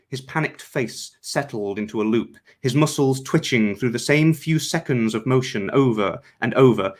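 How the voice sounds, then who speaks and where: A man's voice: mid-range voice, moderate pace, few pauses. Man reading a story aloud. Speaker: author.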